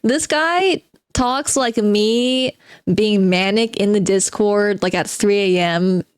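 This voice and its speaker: A woman streamer reacting in excited, chatty asides during a live stream. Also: mid-range voice, slow, smooth, no room sound, studio quality. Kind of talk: live stream reaction while reading aloud.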